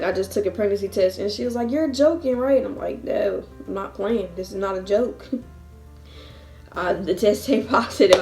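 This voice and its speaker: A young woman in her twenties chats through a storytime vlog, lively and full of laughs as she acts out the voices of family and friends. Her voice sits at an ordinary middle pitch, and faint music plays underneath. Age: 20s. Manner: animated, acts out quotes with laughs. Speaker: vlogger. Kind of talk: casual storytime.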